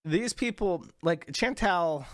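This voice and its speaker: A man's voice: high voice, animated, slow pace, dry recording, studio quality. A man talking casually as an interview guest, telling profane, sardonic stories. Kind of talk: casual podcast conversation.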